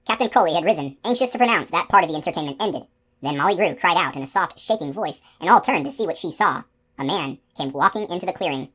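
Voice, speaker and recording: Woman narrator, low voice, steady expressive reading, fantasy audiobook. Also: fast talker, husky. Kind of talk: scripted narration.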